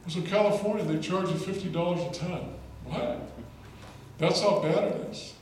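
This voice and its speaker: A man's voice: high voice, fairly even intonation, fairly quick, darkish tone. A man who is a state legislator, giving an emphatic storytelling speech at a political rally. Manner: storytelling, emphatic, repeats words for effect. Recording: echoey hall, distant mic, faint noise.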